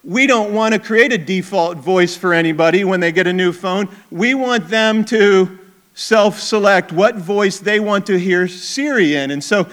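A man preaching a sermon in a conversational way, with asides and a move into a quiet, intense tone. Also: sits high, a little slow. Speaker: pastor.

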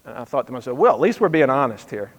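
A man's voice: mid-range voice, sing-song, fast talker, long reverb tail. A man in his thirties, a pastor telling a story in a sermon, conversational with wry asides.

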